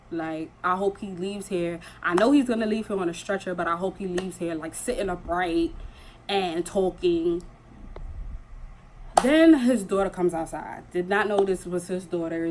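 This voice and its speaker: A woman's voice: lowish voice, a little hiss or hum, poor audio. A young woman vlogging, casually and earnestly telling a story and repeating phrases for emphasis.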